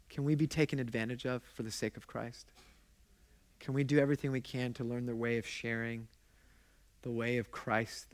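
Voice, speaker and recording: Impassioned male pastor preaching. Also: mid-range voice. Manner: conversational, engages the congregation with questions; impassioned storytelling. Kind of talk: sermon.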